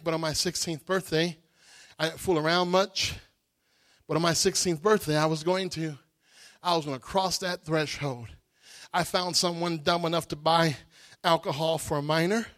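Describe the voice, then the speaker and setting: A male preacher giving an emotional, animated sermon testimony that rises to shouts. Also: on the high side, no room sound, clean studio sound.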